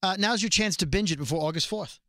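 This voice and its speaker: A man co-hosting a podcast, chatting quickly and casually and reading aloud from a letter. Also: sits high, bright, forceful tone, no echo, clean studio sound. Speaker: podcast co-host. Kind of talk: casual chat.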